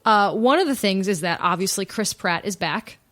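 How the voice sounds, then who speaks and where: A woman co-hosts a casual podcast at an ordinary mid pitch. She is chatty and giggly, often restarting words as she talks through the news. It sounds relaxed and unscripted. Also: moderate pace. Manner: chatty, giggly, trips over her words. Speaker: podcast co-host.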